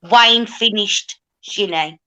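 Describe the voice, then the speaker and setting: A woman's voice: mid-range voice, takes it slowly, sharp tone, low-quality recording. A woman hosting a casual livestream chat, talking emphatically.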